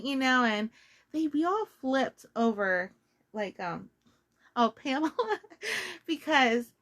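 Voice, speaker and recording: A woman vlogger in her thirties chatting casually to her viewers about crochet, bubbly and quick to giggle. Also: on the high side, a bit bright.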